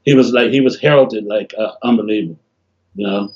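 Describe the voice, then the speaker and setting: An older man from Detroit telling animated stories in a casual interview over a video call, often acting out what people said. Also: medium pitch, fairly quick, vocal fry. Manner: animated, laughing storyteller, acts out quotes. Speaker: interview guest, bassist. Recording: dull lo-fi call audio.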